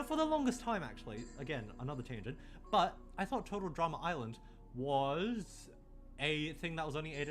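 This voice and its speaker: A man's voice: on the high side, a bit bright. Rambling young Australian man. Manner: rambling, drifts into tangents, swears casually. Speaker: streamer. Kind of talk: casual late-night chat.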